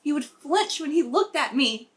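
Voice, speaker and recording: A woman's voice: high-pitched, expressive, moderate pace. A young woman co-hosting a podcast, telling a story bluntly and swearing a lot in casual chat. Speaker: podcast co-host, dancer.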